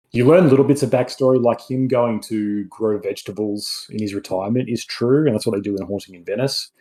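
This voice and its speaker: Low, husky man in casual chat. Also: warm tone, rough recording. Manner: rambling, many restarts and asides. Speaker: podcast co-host. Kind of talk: casual film review chat.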